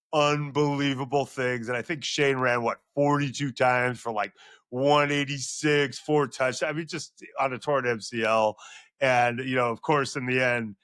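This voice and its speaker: A middle-aged man, a sports journalist and podcast guest, telling a long story with rising excitement. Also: dry recording, studio quality. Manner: excitable, voice climbs high when reliving moments. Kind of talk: animated storytelling.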